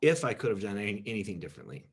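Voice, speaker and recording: Low-voiced rambling man leading a church talk. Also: sing-song, very fast, husky. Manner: rambling and self-deprecating, full of "you know". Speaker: pastor leading a group discussion. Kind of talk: casual teaching talk with audience questions.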